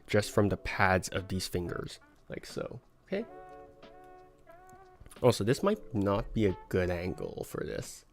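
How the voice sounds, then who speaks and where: A man teaching a card sleight on a livestream, stumbling and laughing at his own mistakes. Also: on the low side. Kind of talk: livestream tutorial. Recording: faint background music.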